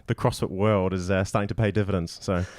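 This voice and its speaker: A man's voice: deep voice, steady tone, fast, a little mellow, no room sound. A man co-hosting a podcast, teasing and emphatic as he chats and breaks down results. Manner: teasing, emphatic, prone to restarts. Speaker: podcast co-host. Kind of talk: casual chat and leaderboard breakdown.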